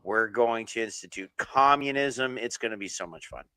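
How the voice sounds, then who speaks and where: A man's voice: lowish voice, moderate pace, pushed and bright, smooth, dry recording, low-quality recording. A man chatting as a guest on a casual podcast over a remote call, joking sardonically and swearing freely. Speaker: podcast guest, political activist.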